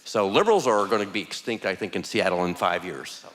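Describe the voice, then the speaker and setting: A man's voice: sits low, lively intonation, fast talker, fairly bright tone. A man on a church panel, a former legislator, speaking forthrightly and with emphasis. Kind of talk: panel talk. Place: large church hall, live audience. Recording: long hall reverb.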